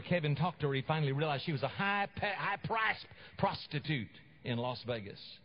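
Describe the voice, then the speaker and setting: Preacher guy with a high voice, big swings from loud to hushed, dull old radio sound. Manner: storytelling with wide swings between loud emphasis and low quiet asides. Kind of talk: sermon.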